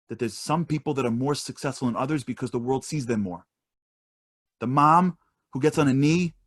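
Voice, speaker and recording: Husky, emphatic motivational speaker. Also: male voice, fairly high pitch. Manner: emphatic, repetitive, animated preacher-like delivery. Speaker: guest speaker. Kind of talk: motivational talk.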